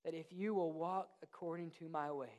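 A man, a pastor, preaching a sermon in an animated way, moving from loud, excited asides to hushed, earnest passages. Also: fairly high pitch, normal speed.

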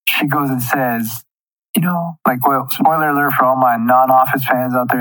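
A young man in casual podcast talk, ranting and swearing freely. His voice sits in a middling pitch range for a man, recorded dry with no room sound. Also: no room sound, poor audio. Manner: profane, ranting, animated. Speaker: podcast co-host. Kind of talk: casual chat.

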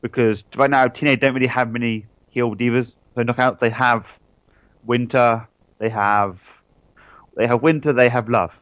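A man's voice: medium pitch, fairly even intonation, normal speed, a bit bright. A man co-hosts a casual radio talk show with a mid-range voice. He speaks matter-of-factly, often in short interjections. The sound is dry, with no room echo.

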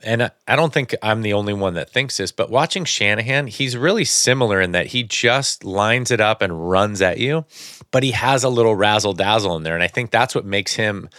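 A man's voice: fairly low pitch, fairly quick, a bit bright, dry recording, clean studio sound. A man hosting a podcast, chatting casually and thinking aloud as he rambles. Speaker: podcast host. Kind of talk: casual chat.

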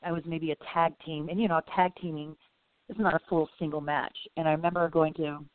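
A woman guest in a casual interview, telling stories in a rambling, animated way. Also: low voice, a little fast, no echo. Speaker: podcast guest. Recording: phone-like line with faint hiss.

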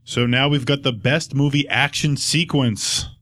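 Male co-host, mid voice, quick wry asides while reading nominees. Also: mid-range voice, fairly even intonation, a bit bright. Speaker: podcast co-host. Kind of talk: casual chat at a live awards show.

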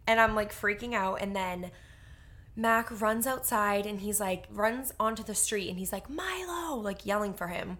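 A woman co-hosting a podcast, telling a story in a casual, animated way with lots of fillers. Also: medium pitch, moderate pace. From Boston area. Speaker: podcast co-host. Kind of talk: casual chat.

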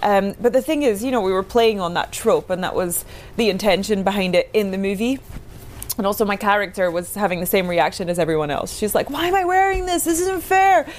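A Scottish actress, a guest in a casual interview, who chats freely with many fillers and frequent laughs. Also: female voice, medium pitch, a little fast, a little hiss or hum. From Scotland.

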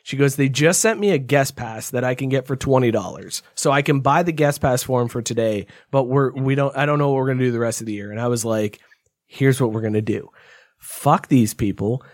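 A man's voice: medium pitch, fast, few pauses, dry recording, clean studio sound. A man telling a story in casual podcast chat, ranting heatedly with lots of swearing and acting out the people in it. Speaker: podcast co-host.

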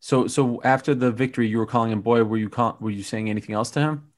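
A man asking short, probing questions at a quick clip, steering an interview and keeping the story going. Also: medium pitch, fairly even intonation.

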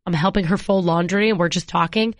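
A woman in her thirties, a TV sports anchor, telling stories in a casual interview and acting out quotes with jumps in pitch. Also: steady tone, a little fast, no echo. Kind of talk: conversational storytelling.

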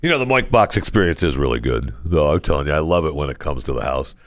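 A man's voice: extremely low pitch, animated, quick pace, dry recording, studio quality. A man hosting a podcast in casual talk, jokey and rambling, reading an ad in his own loose way and teasing himself. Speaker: podcast host.

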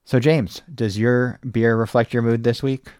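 A man's voice: medium pitch, steady tone, a little slow, darkish tone, smooth, dry recording. An American man hosting a casual podcast, with a dry, wry delivery. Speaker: podcast host.

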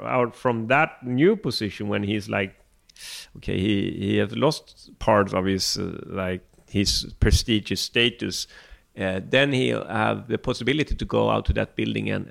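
A man who is a film director, a Swedish native speaker, answering interview questions in a thoughtful, halting way with many restarts. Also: fairly low pitch, steady tone, vocal fry, a bit bright.

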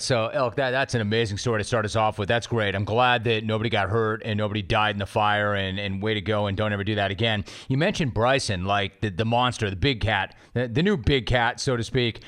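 Excitable, swearing podcast host. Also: male voice, on the low side. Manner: excitable, swearing, eggs the guest on. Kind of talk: casual interview chat.

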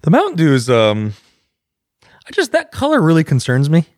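A man's voice: fairly high pitch, huge pitch swings, normal speed, dry recording, clean studio sound. A man co-hosting a casual podcast chat, joking and laughing a lot. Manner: joking, playful, laughs often. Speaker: podcast co-host.

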